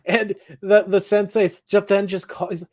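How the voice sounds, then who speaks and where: A man co-hosting a podcast, recapping a TV episode in casual chat, animated and laughing often. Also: high-pitched. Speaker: podcast co-host.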